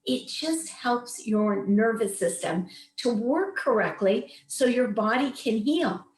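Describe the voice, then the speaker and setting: Before guiding a meditation, this wellness coach in her late fifties tells a heartfelt personal story, earnest, emphatic and inspiring. She speaks slowly in a higher voice with lively intonation, and the sound is roomy.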